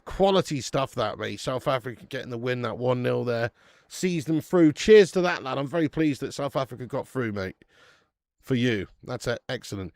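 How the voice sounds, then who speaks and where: A man's voice: mid-range voice, lively intonation, moderate pace, darkish tone, dry recording, studio quality. A man hosting a live football watch-along, chatting in casual banter, swearing freely and calling everyone mate.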